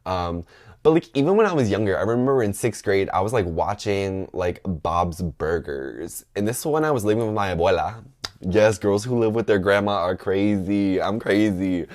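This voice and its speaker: Sassy, chatty young man telling a story. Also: moderate pace. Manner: animated, laughing, mimics others in high-pitched voices; sassy and dramatic, fillers like "like" and "girl". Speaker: podcast host telling a story. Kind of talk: casual storytime chat.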